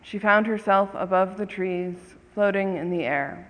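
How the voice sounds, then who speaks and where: Calm storyteller, slow and measured, long echo like a big hall. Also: mid-range voice. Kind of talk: told story narration.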